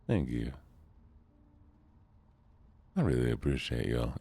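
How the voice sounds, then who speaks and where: Man, extremely deep voice, husky, soft-spoken game streamer, laid-back chat with viewers. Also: normal speed. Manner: laid-back, chatty with viewers, thanks followers.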